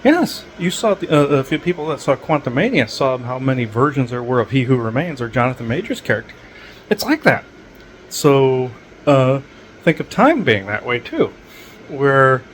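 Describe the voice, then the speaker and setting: A man's voice: medium pitch, a little hiss or hum, poor audio. A man hosting a podcast, talking in a rambling, digressive way with many fillers. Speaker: podcast host. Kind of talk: rambling casual monologue.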